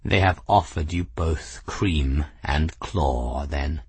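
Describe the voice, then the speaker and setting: A man's voice: very deep voice, slow, husky, no room sound, voice pushed down, exaggerated voice. A man voicing a bold, smug young male cat warrior who speaks in a clipped, assured way.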